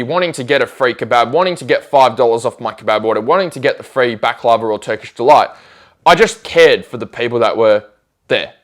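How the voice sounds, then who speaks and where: A man telling stories in a casual chat, animated and acting out the conversations he describes. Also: medium pitch. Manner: animated, acts out conversations in quoted voices.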